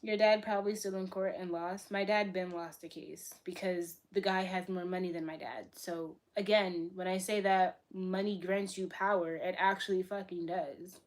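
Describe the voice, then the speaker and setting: A young woman from Boston chatting casually on a livestream, answering her chat in a blunt, profane way that swings between loud bursts and soft asides. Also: fairly low pitch, steady tone, normal speed, hardly any pauses. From Boston, USA. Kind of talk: casual live-stream chat.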